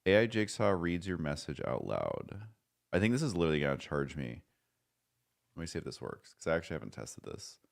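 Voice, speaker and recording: A man's voice: rumbling low, big pitch swings, brisk, gravelly. A man streaming live, chatting casually and rambling, joking at his own expense and swearing now and then.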